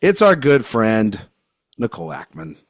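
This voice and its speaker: A man's voice: fairly low pitch, wildly swooping pitch, unhurried, dry recording, studio quality. A man hosting a podcast in casual, joking chat, rambling and laughing often. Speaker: podcast host.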